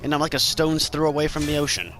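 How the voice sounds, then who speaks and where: A man's voice: on the high side, expressive, quick pace, fairly bright tone, faint music behind. A man from Maine giving playful, jokey commentary while playing a game, talking to the characters on screen. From Maine, USA. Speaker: gameplay commentator. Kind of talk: casual gameplay commentary.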